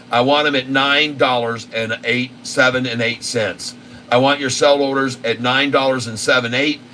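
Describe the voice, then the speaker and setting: A man hosting a live stock market show, pressing his point again and again and reeling off long runs of price figures. His voice is bright and forward. He sits back from the mic, with a faint air conditioning hum underneath. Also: medium pitch, far from the mic. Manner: insistent and repetitive, rattling off price lists. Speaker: channel host.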